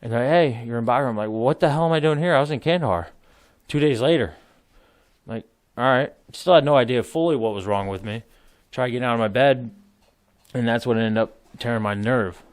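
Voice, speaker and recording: A military veteran in his thirties, guesting on a podcast, rambles through war stories in casual chat, laughing and swearing freely. His medium-pitched voice is fairly quick, and the recording is dry.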